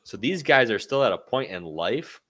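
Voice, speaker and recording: A man from Michigan co-hosting a podcast, chatting in a relaxed, enthusiastic way. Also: medium pitch, normal speed. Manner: relaxed and enthusiastic, keeps saying "dude". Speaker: podcast co-host. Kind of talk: casual chat.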